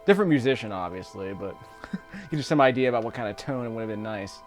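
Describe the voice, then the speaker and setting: A man's voice: medium pitch, animated, fast, faint music behind. A man giving casual, rambling commentary while playing a video game, chuckling often between remarks. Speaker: YouTube gameplay commentator. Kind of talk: casual let's-play commentary.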